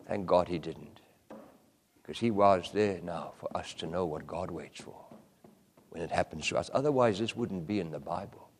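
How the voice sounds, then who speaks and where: A man preaching a sermon with passion, moving between loud cries and hushed whispers. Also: sits low, moderate pace, big-room sound, slight background noise.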